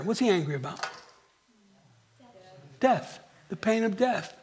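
A middle-aged male pastor preaching a sermon, swinging from near whispers to emphatic questions and clearing his throat often. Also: high-pitched, lively intonation, moderate pace, long pauses. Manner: dramatic, dropping to near whispers and rising for emphasis; asks the congregation rhetorical questions. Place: church.

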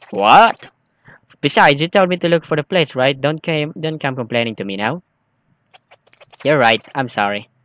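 Jumpy bright-voiced man playing a game. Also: mid-range voice. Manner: jumpy, exclaiming, nervous chatter. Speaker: gaming streamer. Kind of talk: let's play commentary, reading game text aloud.

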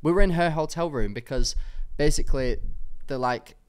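A man's voice: a little high, moderate pace, clean tone. A young man co-hosting a podcast, chatting and telling stories with frequent laughs. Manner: chatty storyteller, laughs often, acts out voices in quotes. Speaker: podcast co-host. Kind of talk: casual chat.

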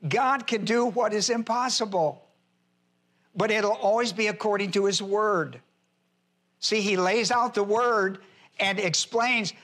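A male pastor delivering an expository sermon in a slow, deliberate way. His voice sits high for a man, and he circles back to repeat key phrases for emphasis. He often stops to spell out Greek words letter by letter. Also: fairly bright tone. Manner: addresses listeners directly, informal grammar. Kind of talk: expository Bible teaching.

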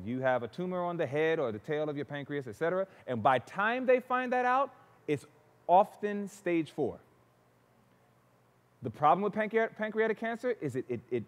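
A man preaching a sermon, telling stories with animation and acting out the people he quotes. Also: fairly high pitch. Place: church sanctuary. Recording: long church reverb.

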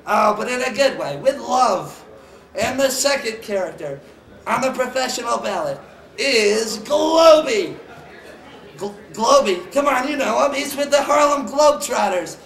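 A hammy, excitable man with a very high, gravelly voice announces awards in a goofy comic style. He shouts and whoops between jokey asides. He sounds a little off-mic in an echoey room. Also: far from the mic. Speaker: mascot show host.

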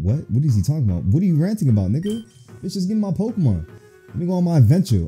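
Man, gaming let's play, profane reactions, very dark husky voice, lively ups and downs. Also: fairly high pitch, racing, soft background music. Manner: crude, profane, reactive joking. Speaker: gaming video host.

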